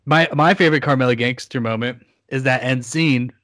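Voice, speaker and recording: A man's voice: medium pitch, fairly quick, fairly bright tone, no echo, clean studio sound. A man co-hosting a podcast in casual chat, retelling TV scenes with a loose, swearing, joking manner. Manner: retells scenes with acted quotes, swears freely. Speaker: podcast co-host.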